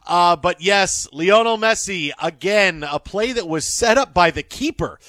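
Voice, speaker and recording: Sports talk host, male, rambly and jokey, a bit high, dry studio sound. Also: expressive, measured pace, sharp tone, dry recording. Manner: rambling, jokey, repeats words.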